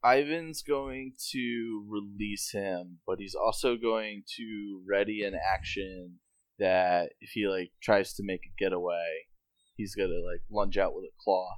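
A man's voice: lowish voice, steady tone, unhurried, no room sound. A man playing a tabletop game, chatting playfully about his character's moves. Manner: playful, laughing. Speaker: player.

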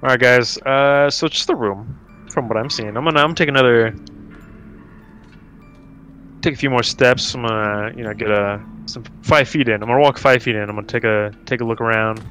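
A man's voice: mid-range voice, a little fast, fairly bright tone, faint music behind. A man playing a tabletop role-playing game, rambling and repeating himself as he decides what his character does. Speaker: player. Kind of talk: casual tabletop play.

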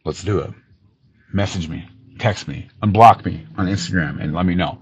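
A man hosting a podcast, ranting in an angry callout with lots of swearing, missing some teeth, swinging from loud outbursts to low muttering. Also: normal speed, dull audio, a little hiss or hum. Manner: profane, heated, swings from shouting to low muttering. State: missing teeth, awaiting dental work. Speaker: podcast host.

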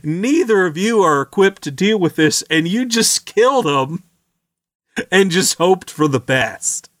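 A man's voice: sits high, lively intonation, unhurried, fairly bright tone, dry recording, clean studio sound. A man chatting casually about a video game he played, acting out characters with voices and laughing often. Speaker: podcast co-host recapping a video game. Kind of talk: casual chat.

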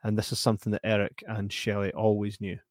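A man co-hosting a casual film review chat, animated, often acting out lines from the film in put-on voices and laughing. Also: lowish voice, fast, no echo. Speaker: podcast co-host.

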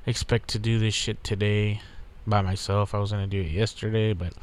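A man's voice: on the low side, flat delivery, a little fast, slight background noise. A man from Texas hosting a podcast alone, talking in a rambling, profane, laid-back way. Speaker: podcast host. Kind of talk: casual solo podcast monologue.

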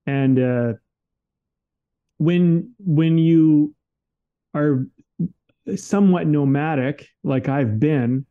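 A man's voice: a little high, drawn-out words, long pauses, clean tone, phone-quality sound. A man co-hosting a podcast in casual conversation, talking candidly and emphatically and swearing freely. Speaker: podcast co-host.

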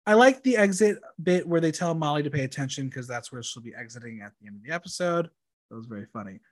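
A young podcast host with a fairly high, expressive voice talks at a quick pace while recapping reality-show episodes. His casual delivery is chatty and campy, with many ums.

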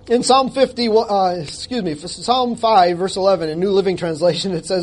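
A man's voice: sits high, measured pace, pauses often. A male pastor preaching a sermon, reading scripture aloud and speaking in an emphatic, conversational way with jokes at his own expense.

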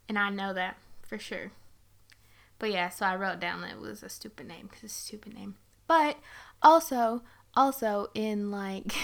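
A young woman giving a casual movie review, chatty and sarcastic, with frequent giggles and rambling asides. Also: on the high side.

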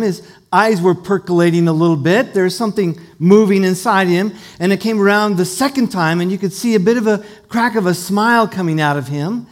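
A middle-aged man preaching a sermon as pastor, telling a family story and leading a call-and-response with the congregation. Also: sits high.

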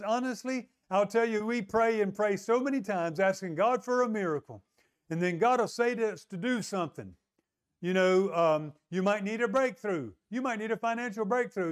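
A male pastor preaching a sermon in a conversational way, often asking the congregation to agree. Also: high voice.

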